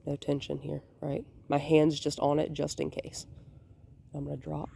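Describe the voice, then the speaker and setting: A woman dog trainer filming a walk outdoors on a hand-held phone, calmly explaining and softly praising the dog. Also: low-pitched, normal speed, vocal fry, breathy edge. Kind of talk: hands-on training demonstration. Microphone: phone held in one hand.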